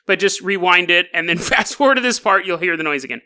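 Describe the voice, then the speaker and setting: Speaking quickly in a clean, bright, high-pitched voice, this podcast host turns a news story into a comedy routine. His forceful, animated delivery is full of jokes, side trips and laughter that breaks into his sentences.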